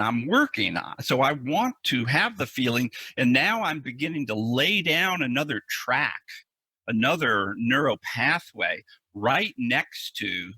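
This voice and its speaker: A man's voice: mid-range voice, pushed and bright, husky, dry recording. A man speaking as a psychologist guest in an interview, explaining earnestly and with emphasis, often restarting and repeating words.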